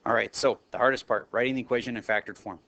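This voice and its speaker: A man's voice: mid-range voice, fairly even intonation, fast, sharp tone, dry recording. A man teaching a math review lesson in a classroom, talking casually, correcting himself and calling on students. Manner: casual, self-correcting, calls on students by name.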